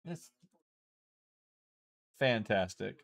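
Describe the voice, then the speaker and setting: A man's voice: fairly low pitch, animated, drawn-out words, creaky. A man casually chatting and explaining a card game as he streams from home, loose and chatty, swearing freely. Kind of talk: casual chat while playing.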